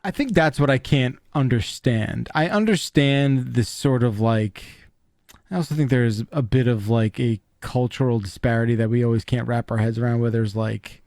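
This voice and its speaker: A man co-hosting a casual game podcast, talking in a laid-back, drawn-out way. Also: mid-range voice, a little mellow, no echo, studio quality. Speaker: podcast co-host. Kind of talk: casual chat.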